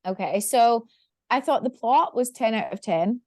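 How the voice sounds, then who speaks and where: A woman's voice: on the high side, animated, measured pace, darkish tone, no echo, clean studio sound. A woman co-hosting a casual reality-TV podcast, chatty and laughing, swearing now and then. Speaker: podcast co-host. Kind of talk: casual chat.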